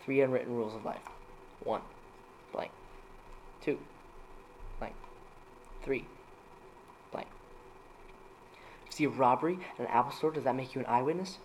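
A man casually reading dad jokes aloud as a streamer, laughing at his own punchlines and jumping into higher voices for them. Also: moderate pace, long pauses, a little hiss or hum.

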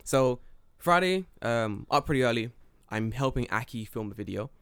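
A man's voice: medium pitch, normal speed, gravelly, smooth, no room sound. A young man co-hosting a podcast, telling stories with lots of swearing and acting out both sides of each conversation. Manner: animated storyteller, acts out dialogue, swears often. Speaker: podcast co-host. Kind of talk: casual podcast chat. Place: lives in Japan.

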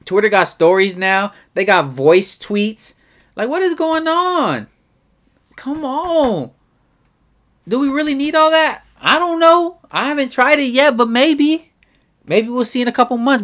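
A man's voice: high voice, a bit bright. A man hosting his own podcast, ranting bluntly and profanely in a rambling solo monologue aimed straight at his listeners. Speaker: podcast host. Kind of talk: casual solo podcast rant.

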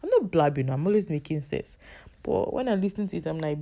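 A woman's voice: mid-range voice, very animated, fast talker, vocal fry, warm tone. A woman hosting a casual faith-based podcast, chatty and self-teasing, her voice a bit off today. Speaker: podcast host.

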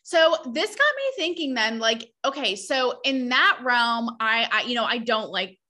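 Young woman ranting on her podcast, sassy and blunt, kinda high bright voice. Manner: blunt, sarcastic, animated, quick asides. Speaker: podcast host. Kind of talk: casual opinionated monologue.

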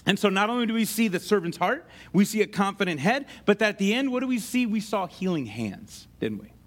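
A male pastor delivers a sermon in an animated, conversational way, dropping casual slang and asides to the congregation. His voice sits fairly high and swoops widely in pitch. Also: brisk. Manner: conversational, uses slang like "ain't" and "dude".

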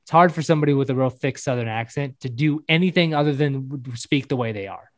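A man's voice: mid-range voice, fast talker, dry recording. Casting note: man, casual podcast chat, rambling and self-correcting, dry mic. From American South.

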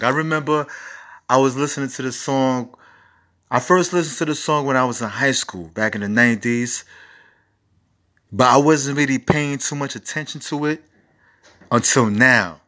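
A man's voice: mid-range voice, bright, forceful tone. A man in his forties hosting a casual music review show, rambling and profane with enthusiastic asides. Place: home recording setup.

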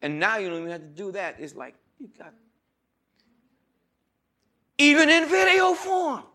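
A male pastor preaching a sermon, moving between loud shouts and quiet asides, leading the congregation in call-and-response and telling stories with laughter. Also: extremely high pitch, normal speed. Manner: animated preaching, swings from loud shouts to murmurs.

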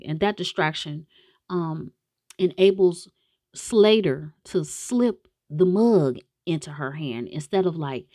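A woman's voice: medium pitch, a little mellow, no echo, studio quality. A young woman retelling a film's plot in a casual, rambling way, with slang and swearing. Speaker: movie reviewer.

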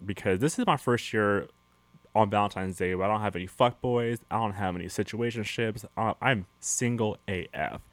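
Sassy guy cohosting in a studio, lowish voice, dry close mic, quick jokes. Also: fairly bright tone, no room sound. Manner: playful, sassy, quick quips. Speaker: podcast co-host. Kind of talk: casual chat.

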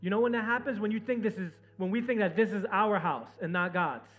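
A man preaching a sermon to his congregation, swinging from loud, urgent exhortation down to soft, low storytelling. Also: brisk, soft background music. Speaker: pastor.

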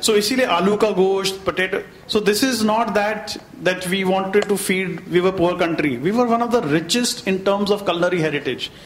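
A man's voice: high-pitched, a little fast, hardly any pauses, reverberant, rough recording. A man from India with an Indian English accent, a chef on a panel, telling anecdotes in a chatty way and slipping into Hindi phrases. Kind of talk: anecdotal storytelling.

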